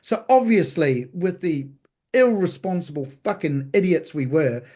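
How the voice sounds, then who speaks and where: Guest chef, man, New Zealand accent, slightly high voice, candid and profane storyteller. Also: animated, measured pace, darkish tone. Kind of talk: casual storytelling interview.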